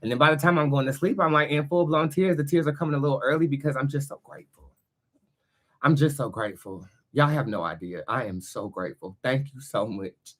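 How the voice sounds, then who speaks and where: A man's voice: mid-range voice, a little fast. Brash man hosting a live stream. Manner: brash, profane, sassy, chatty with viewers. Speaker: tarot reader, live-stream host. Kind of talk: casual live-stream monologue. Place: home studio. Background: loud music.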